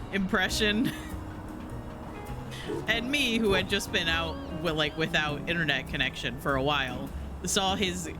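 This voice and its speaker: Giggly rambling male streamer over music. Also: fairly high pitch. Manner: giggly, rambling, lots of fillers and restarts. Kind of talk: casual chat while playing a game. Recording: music playing in the background.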